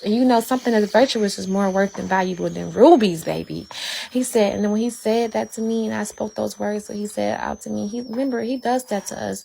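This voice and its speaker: A woman's voice: mid-range voice, a little fast, creaky, dark tone, a little hiss or hum, low-quality recording. A woman giving a fervent faith testimony on a livestream. She talks straight to her viewers and repeats herself for emphasis.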